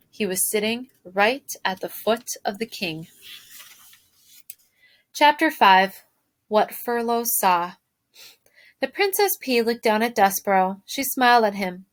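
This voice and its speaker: A woman teacher reading a storybook aloud to her class, expressive and stopping to ask them questions. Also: mid-range voice, unhurried.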